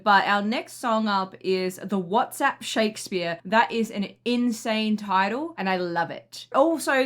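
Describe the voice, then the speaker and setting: Aussie girl gushing thru a music reaction vid, chatty n excitable, normal pitch. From Australia. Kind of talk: casual reaction chat.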